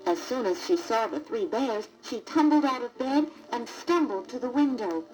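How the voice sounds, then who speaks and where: A woman narrating a children's storybook record in a deliberate, expressive read-aloud manner. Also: a little high, faint music behind, poor audio.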